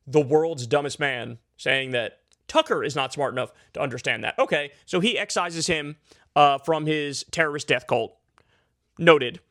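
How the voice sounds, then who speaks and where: A man's voice: on the high side, moderate pace, fairly bright tone, dry recording, clean studio sound. A man delivering a heated, profane, sarcastic political commentary rant, full of filler likes. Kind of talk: ranting political commentary vlog.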